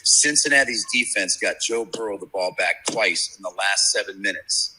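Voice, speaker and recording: A man's voice: fairly low pitch, moderate pace, pushed and bright, slightly rough, low-quality recording. A man in his fifties, a sports handicapper, telling brash, profane, rambling stories in casual podcast chat. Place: media row at a sports event.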